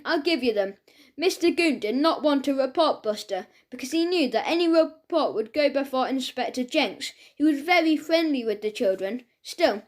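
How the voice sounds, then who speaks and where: A woman narrating a children's audiobook, reading aloud and voicing each character's lines. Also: high-pitched.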